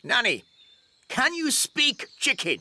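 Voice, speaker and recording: A woman's voice: on the high side, wildly swooping pitch, slow pace, bright, forceful tone, heavily acted. A stern, flustered fairy queen. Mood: commanding. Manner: commanding, scolding. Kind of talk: children's cartoon voice acting.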